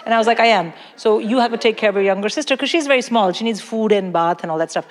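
A woman's voice: mid-range voice, fast talker, a little hiss or hum. A woman in her forties from India doing a stand-up comedy set, with a brash, emphatic, mock-indignant delivery. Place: large concert hall with live audience. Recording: hall reverb, audience laughter.

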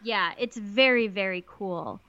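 A woman's voice: medium pitch, a little slow, fairly bright tone, no echo, dull audio. A woman co-hosting a podcast, recapping a TV episode in casual chat with lots of "like" fillers. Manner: chatty, many "like" fillers, quotes lines in little voices. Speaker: podcast co-host.

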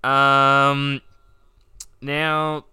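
A man co-hosting a podcast in casual chat, animated and joking, swearing freely. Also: medium pitch, very slow, clean tone, dry recording, studio quality. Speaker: podcast co-host.

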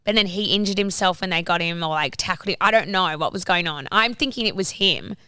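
A woman's voice: fairly low pitch, brisk, bright, forceful tone, clean tone, no echo, clean studio sound. A young woman in her twenties, telling a story in a rambling casual chat full of "like"s and swearing.

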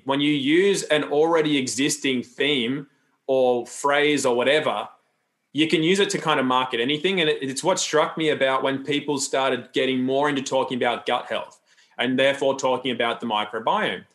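A man appears as a podcast guest in a casual interview, speaking loosely and rambling with frequent restarts and asides. His voice is medium-pitched and a bit bright.

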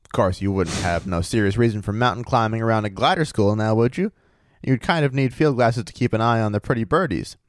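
A man voicing a cheerful, rough old male prospector who drawls and teases with sly menace. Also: fairly low pitch, fairly quick, no echo, clean studio sound, close to an everyday voice. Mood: sly, folksy. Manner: folksy drawl, teasing and sly.

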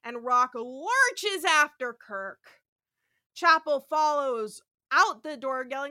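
A woman co-hosting a podcast, recapping an episode in casual chat, animated and swearing freely as she acts out the characters' lines. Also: high-pitched, slow pace. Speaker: podcast co-host.

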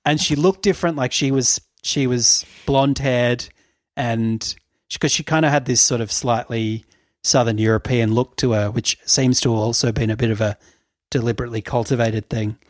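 A man's voice: medium pitch, steady tone, normal speed, dry recording. Man, podcast co-host, casual storytelling, fillers and laughs, dry sound. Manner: chatty storytelling, laughs often, many fillers.

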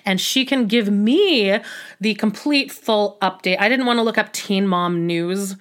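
A woman's voice: mid-range voice, a little slow. A woman hosting a solo podcast, recapping casually and rambling with lots of filler words, restarts and wry asides. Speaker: podcast host recapping a reality show.

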